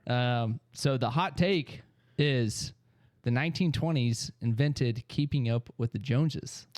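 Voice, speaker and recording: A man's voice: medium pitch, unhurried, darkish tone, no room sound, studio quality. A man co-hosting a podcast in casual chat, rambling with many fillers. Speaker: podcast co-host.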